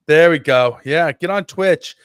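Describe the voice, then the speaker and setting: A man's voice: a little high, a little slow, a bit bright, clear, resonant tone, no room sound. Dry-voiced joking podcast host man. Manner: playful, jokey exaggeration. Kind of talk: casual podcast chat.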